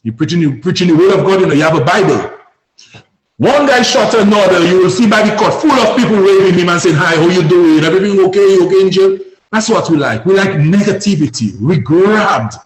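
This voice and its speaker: Dominican guy calling into a talk show, high voice, fired up and preachy, echoey sound. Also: expressive, brisk. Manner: fervent, preachy, rising to shouts. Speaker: caller. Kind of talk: impassioned call-in commentary.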